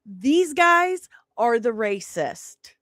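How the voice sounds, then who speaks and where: A woman's voice: on the high side, sing-song, extremely slow, a bit bright, no echo. A woman in her forties telling a story in an emphatic, indignant way, as a salon owner. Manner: emphatic, indignant, stresses words hard. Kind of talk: casual storytelling.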